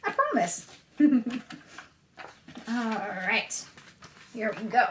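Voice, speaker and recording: A woman leading a children's storytime, reading aloud, singing and laughing often in a bright, sing-song way. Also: on the high side, huge pitch swings, extremely slow, long pauses, slight background noise. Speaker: children's librarian. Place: library room. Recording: echoey room, somewhat far from the mic.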